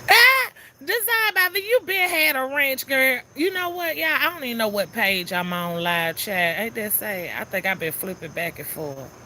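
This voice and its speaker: A woman's voice: medium pitch, very animated, normal speed, sharp tone, a little hiss or hum. A woman chatting casually on a live stream, greeting viewers one by one in a sassy, talkative way.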